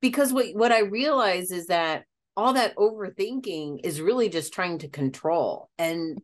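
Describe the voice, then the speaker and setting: A woman telling stories in a casual conversation, chatty and quick to laugh. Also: on the low side, lively intonation. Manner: chatty storyteller, breaks into laughter.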